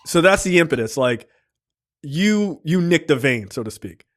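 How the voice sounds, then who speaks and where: Male podcast co-host, casual and profane, animated storyteller. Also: a little high, normal speed. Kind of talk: casual chat.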